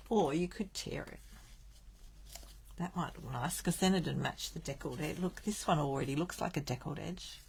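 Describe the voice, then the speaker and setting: A woman's voice: sits low, moderate pace, vocal fry, background noise. A woman from Australia hosting a live card-making stream, chatting and thinking aloud as she works. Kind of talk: live crafting stream chat.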